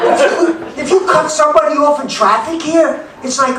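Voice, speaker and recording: Gruff older New man doing stand-up. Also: extremely high pitch, moderate pace, few pauses. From New York. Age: 70s. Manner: gruff, blunt punchlines with sudden loud outbursts. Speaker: stand-up comic. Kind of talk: stand-up set. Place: comedy club in Denver. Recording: echoey club from far off, background noise.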